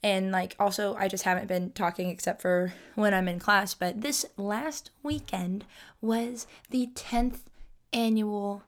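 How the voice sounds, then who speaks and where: A woman in her twenties hosting a solo podcast in a rambling, self-mocking way, her voice a little hoarse and scratchy as she keeps clearing her throat. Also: mid-range voice, steady tone, unhurried. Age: 20s. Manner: rambling, self-mocking, chatty with many fillers. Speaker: podcast host. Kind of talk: casual solo podcast chat.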